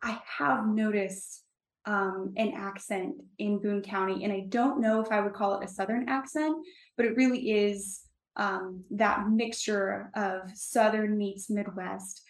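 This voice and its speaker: A woman's voice: medium pitch, fairly even intonation, unhurried. Woman, editor, from Indiana, emphatic, filler-heavy, echoey distant recording. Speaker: newspaper editor. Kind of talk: casual interview answers.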